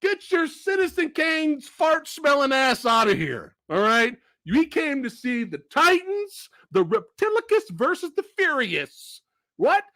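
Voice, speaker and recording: Animated, profane man ranting about films. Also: very high-pitched, measured pace, no room sound, clean studio sound. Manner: animated, profane, shouting bursts. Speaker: movie review host. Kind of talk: excited film review rant.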